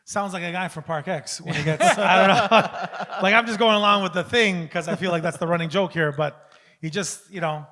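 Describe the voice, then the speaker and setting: A man guesting on a comedy podcast, telling a bit in a profane, animated way. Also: high-pitched, normal speed. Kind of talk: casual comedy podcast banter.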